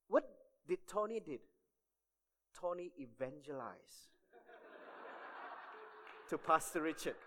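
A man preaching a sermon to fellow church volunteers, telling a story and often checking in with "okay?". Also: high-pitched. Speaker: church staff member preaching.

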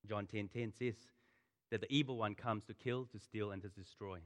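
A man's voice: fairly low pitch, steady tone, normal speed. A man preaching a sermon, impassioned and repeating phrases for emphasis. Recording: long reverb of a large hall.

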